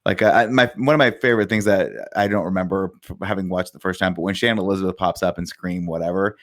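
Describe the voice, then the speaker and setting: A man with a very deep voice co-hosts a casual podcast. He rambles easily and laughs between points. The mic is close in a dry room. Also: fairly even intonation, fast, a bit bright, dry recording. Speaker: podcast co-host.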